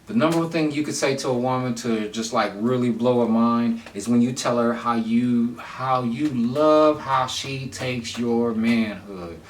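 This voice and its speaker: A man talks casually to camera in a mid-pitched voice, loose and rambling, leaning on fillers and repeating himself. He sits back from the mic in an echoey room. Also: unhurried, hardly any pauses, far from the mic, a little hiss or hum. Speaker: vlogger giving dating advice. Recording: roomy sound from away from the mic.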